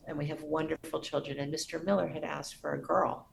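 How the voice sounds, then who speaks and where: Low gravelly woman telling a reverent story. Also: fairly even intonation, a little fast, few pauses, slight background noise, low-quality recording. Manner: earnest, reverent storytelling with soft restarts. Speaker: guest. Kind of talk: storytelling in a podcast interview.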